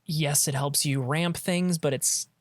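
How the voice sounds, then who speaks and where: A man's voice: on the high side, fairly even intonation, unhurried, no room sound. A man giving casual commentary on his own card game match, thinking aloud and trailing off mid-sentence, on a close desk mic.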